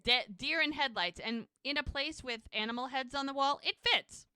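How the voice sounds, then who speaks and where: A woman's voice: sits high, normal speed, bright, forceful tone, clear, resonant tone, dry recording. A woman co-hosting a podcast, recapping a TV episode in casual chat and acting out the characters' lines as she goes. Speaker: podcast co-host.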